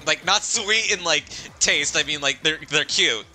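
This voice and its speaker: A man's voice: on the high side, a little slow, low-quality recording. A man hosting his gaming stream, chatting casually with friends and laughing often. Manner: giggly, jokey. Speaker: streamer host. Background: game music.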